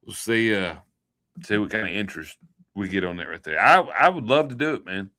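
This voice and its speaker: A man's voice: fairly low pitch, animated, fairly quick, sharp tone. A man hosting a livestream, rambling through a joking, folksy sign-off chat. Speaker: livestream host.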